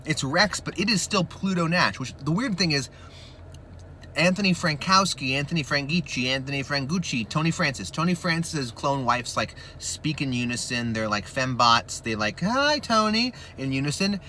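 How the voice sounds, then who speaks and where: A man rambling through a movie recap while his mouth burns from spicy chips, slipping into excited impressions. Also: medium pitch, moderate pace, slight background noise. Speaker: mukbang host.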